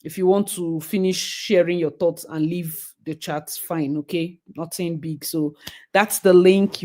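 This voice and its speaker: A woman hosts a live stream in a fairly low voice. She talks casually and breaks into high, excited thanks for her viewers.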